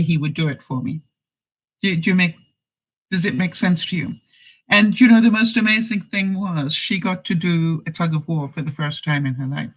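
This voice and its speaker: This vlogger's voice is fairly high and a bit bright, and the recording is rough. He's answering live chat on a casual stream, spinning a story in a folksy way, addressing viewers by name and leaning on "you know" often.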